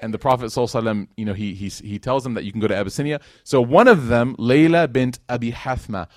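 A man's voice: medium pitch, very fast, a little mellow, no echo. Chatty male lecturer in a dry room. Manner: conversational, many fillers like "like" and "right?", acts out quotes. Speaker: speaker teaching Islamic history. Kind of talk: casual lecture storytelling.

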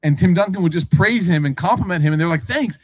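A man's voice: on the high side, fast, a little mellow. A man preaching in a casual storytelling way, acting out dialogue and asking his listeners questions. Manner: casual, acts out dialogue, asks the audience questions. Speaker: Islamic preacher. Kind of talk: conversational storytelling sermon.

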